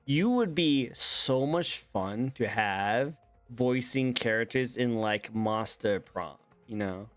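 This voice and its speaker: A man hosting a casual interview show, playful and quick to laugh, often repeating himself. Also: medium pitch, no room sound, soft background music. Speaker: talk show host.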